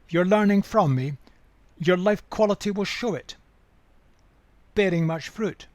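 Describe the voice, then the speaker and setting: Older male Bible teacher, measured and emphatic, slightly high voice, dry close sound. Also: no room sound. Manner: measured, emphatic, repeats key words. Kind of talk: Bible study lecture.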